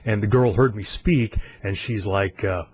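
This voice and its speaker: A man's voice: lowish voice, unhurried, a little mellow, husky. A man in his forties from the United States, hosting a podcast in a casual, self-amused chat with frequent fillers and chuckles. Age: 40s. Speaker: podcast host.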